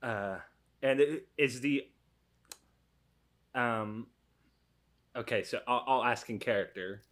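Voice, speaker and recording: A young man playing a tabletop role-play, chatty and quick to laugh, often restarting his sentences. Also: medium pitch, fairly bright tone. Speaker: player.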